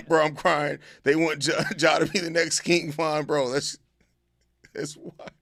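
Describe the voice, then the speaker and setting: A man hosts a live stream and answers viewer questions in loose, profane chat. His voice is raised somewhat, bright and edged with gravel. The sound is dry and close, with no room around it. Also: fairly high pitch, unhurried, no echo. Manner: animated, mock outrage, swearing, repeated questions.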